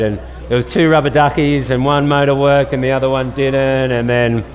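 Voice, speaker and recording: A man's voice: mid-range voice, steady tone, moderate pace. A man in his fifties with an Australian accent, telling a story casually with many fillers and restarts. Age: 50s. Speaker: guest storyteller. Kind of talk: casual storytelling at a live event. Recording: long hall reverb.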